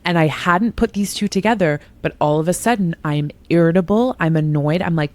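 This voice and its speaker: A woman's voice: fairly low pitch, fairly quick, few pauses, a little mellow, no echo. A woman in her thirties hosting a podcast interview, talking in an enthusiastic, chatty and self-deprecating way. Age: 30s. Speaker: podcast host. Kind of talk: conversational interview.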